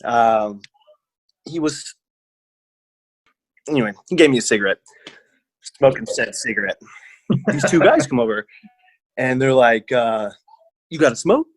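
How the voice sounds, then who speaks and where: A man's voice: medium pitch, animated, unhurried, long pauses, no room sound. A man casually telling a story on a podcast, rambling and slangy, acting out what people said. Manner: rambling, slangy, acts out quotes. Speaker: podcast co-host.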